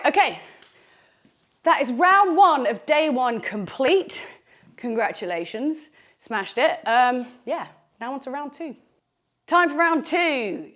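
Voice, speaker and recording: Breathless woman coaching a workout. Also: on the high side. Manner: chatty, encouraging, with fillers like "like" and "okay". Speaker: fitness instructor. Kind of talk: workout instruction.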